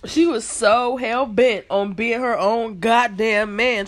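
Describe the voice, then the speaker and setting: A woman's voice: on the high side, slow, hardly any pauses. A woman co-hosting a casual podcast, talking bluntly with swearing and rambling asides. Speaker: podcast co-host. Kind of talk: casual chat.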